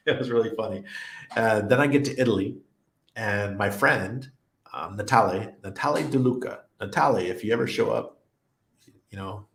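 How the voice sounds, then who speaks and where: A middle-aged man hosting a casual crypto livestream, reading viewer comments and rambling through anecdotes with frequent laughs. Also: lowish voice. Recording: roomy echo.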